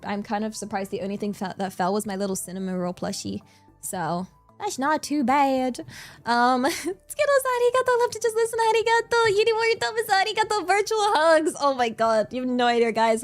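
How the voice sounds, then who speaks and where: A woman livestreamer in casual chat, giggly and rambling, thanking viewers as she reads the chat. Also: medium pitch. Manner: rambling, many fillers and restarts.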